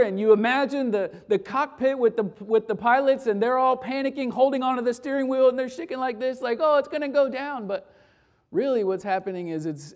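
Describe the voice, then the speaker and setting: In a darkish, medium-pitched voice, a pastor tells an anecdote and leads the closing prayer of a conversational sermon. He frequently breaks off and restarts his phrases as he tells the story.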